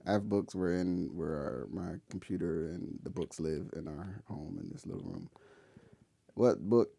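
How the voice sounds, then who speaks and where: Deep, gravelly podcast host. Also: male voice, sing-song, moderate pace, no room sound. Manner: warm, encouraging, teasing. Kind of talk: casual father-son chat.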